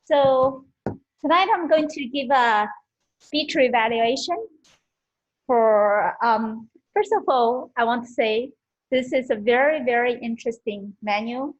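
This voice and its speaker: A woman giving a friendly, halting speech evaluation at an online club meeting, with many fillers, over a video call. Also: fairly high pitch. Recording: dull lo-fi video call audio.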